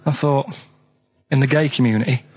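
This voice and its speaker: A man tells stories on a radio show in a flat, matter-of-fact way. His pitch sits in the middle range. The studio sound is dry and a little dull. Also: moderate pace, breathy edge, dry recording. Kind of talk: deadpan anecdote telling.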